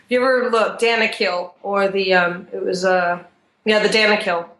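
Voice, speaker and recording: A woman from Texas, a podcast guest, telling rambling travel stories in a loose, animated way and acting out other people's lines. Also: medium pitch, normal speed. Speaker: interview guest. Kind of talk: casual travel storytelling. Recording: roomy echo.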